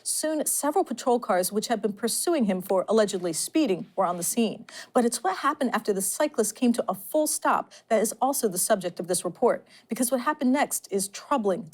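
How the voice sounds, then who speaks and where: A woman hosting an investigative news program, reading a scripted presentation in an earnest, measured way. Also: medium pitch, a little mellow. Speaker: host.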